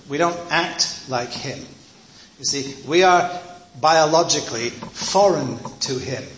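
A man's voice: a little high, fairly bright tone, a little hiss or hum. A man preaching a teaching sermon in a conversational, digressive way, often saying "you see". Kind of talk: teaching sermon with personal anecdote. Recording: roomy echo, faint ambience.

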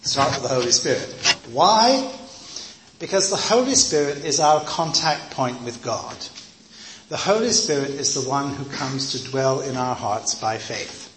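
A man's voice: mid-range voice, animated, measured pace, background noise. A man preaching a teaching sermon in a conversational, digressive way, often saying "you see". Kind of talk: teaching sermon with personal anecdote. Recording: roomy echo, faint ambience.

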